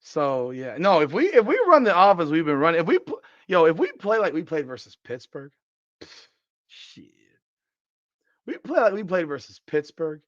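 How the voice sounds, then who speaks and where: A man hosting a live sports podcast, hoarse with a worn-out voice, talking in an excitable, profane, trash-talking way while reading the chat. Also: fairly high pitch, moderate pace, dry recording, muffled recording. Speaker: podcast host.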